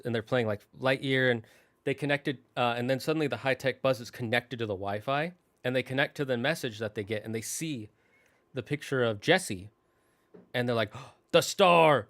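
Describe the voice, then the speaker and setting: A young adult man casually recaps a story for his channel at a middle pitch. He rambles and corrects himself constantly, stacking fillers and restarts, and gets openly emotional. The recording is close and dry, with no room sound. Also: fairly bright tone, dry recording. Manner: emotional, tearing up. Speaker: gaming channel host.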